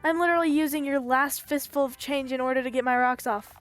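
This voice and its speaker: A woman's voice: high voice, steady tone, fast talker, a bit bright, soft background music. A woman voicing a sleazy male caller who is a pushy mugger and throws around pet names. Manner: smarmy, calls people pet names.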